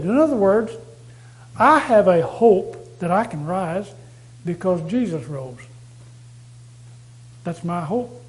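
A man's voice: high voice, lively intonation, takes it slowly, long pauses, rough recording. A man preaching a sermon, emphatic, repeating key phrases to drive them home.

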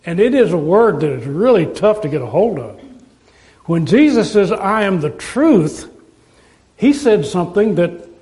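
A man preaching a sermon as pastor, earnestly listing scripture verses and slowing down to stress quoted words. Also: high-pitched, very animated, dark tone, poor audio.

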